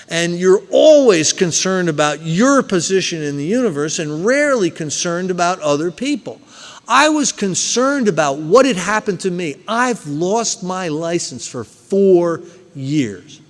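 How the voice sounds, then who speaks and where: A man from New Jersey speaks at a recovery meeting, telling a personal story and acting out the scenes with loud bursts. His voice sits high. The sound carries a long reverb from the hall. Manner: animated storyteller, acts out scenes loudly.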